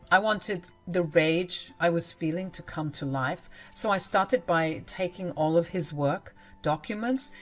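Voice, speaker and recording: A woman with a fairly low voice narrates a dramatic first-person story. Her telling is emphatic and vivid. Soft music plays faintly underneath.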